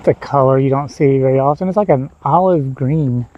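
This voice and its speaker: A man's voice: mid-range voice, normal speed, muffled recording. A man chatting casually to his viewers while walking outdoors on a livestream. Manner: relaxed, rambling, talks to chat. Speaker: streamer. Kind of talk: casual livestream walk chat. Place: outdoors on a walk, rural.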